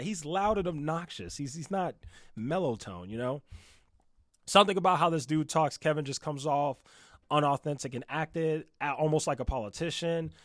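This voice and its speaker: Male reaction commentator, animated and mocking, loud bursts then muttered asides; dry close mic. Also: fairly quick, no room sound. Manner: animated, mocking, swings between loud outbursts and low muttering. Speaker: commentary YouTuber.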